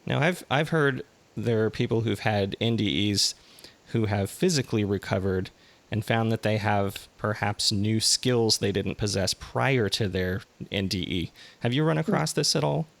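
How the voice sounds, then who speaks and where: A man hosting a podcast, interviewing a guest with short, slightly halting questions and brief acknowledgements. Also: lowish voice, vocal fry. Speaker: podcast host.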